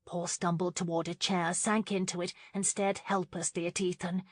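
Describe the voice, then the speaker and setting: A woman reads a romance audiobook as scripted narration, keeping a measured, even storytelling manner. Her voice is on the low side, and there's no room sound.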